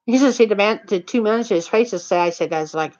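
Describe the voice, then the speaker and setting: A woman's voice: mid-range voice, quick pace, darkish tone. Woman rambling through a heated story, lo-fi. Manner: rambling, repetitive, heated retelling. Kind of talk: casual personal anecdote. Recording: dull lo-fi recording.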